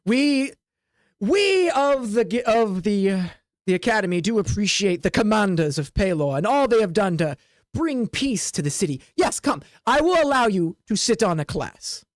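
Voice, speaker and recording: A stern older dueling instructor, put on by a game master for a tabletop game. He talks in slow, clipped, formal phrases with a cool, superior air, at a middling pitch. The mic is close and dry, with no room in it. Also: very animated, dry recording, natural voice. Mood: approving.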